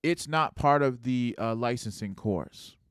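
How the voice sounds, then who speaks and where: A man's voice: medium pitch, a little slow, clear, resonant tone, no room sound, studio quality, natural voice. Man acting out a pushy cross-examining lawyer. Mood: pressing. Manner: pointed, interrogating.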